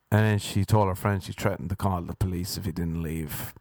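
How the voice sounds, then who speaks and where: A man's voice: deep voice, fairly even intonation, moderate pace, a little mellow, dry recording, studio quality. A man with an Irish accent telling a rambling, profane comic story. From Ireland. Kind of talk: comic monologue.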